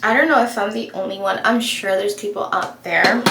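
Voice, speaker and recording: A young woman vlogging while she does her makeup, telling a story in a chatty, animated way full of fillers. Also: medium pitch, normal speed. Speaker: beauty vlogger. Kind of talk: casual get-ready-with-me storytelling. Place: home room while doing makeup. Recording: echoey room with faint ambient noise.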